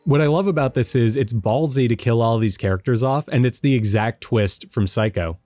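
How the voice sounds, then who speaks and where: A man's voice: mid-range voice, moderate pace, mellow, no room sound, faint music behind. A young man co-hosting a casual film commentary, joking around and now and then slipping into a silly Southern drawl. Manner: jokey, riffs with put-on Southern drawl bits.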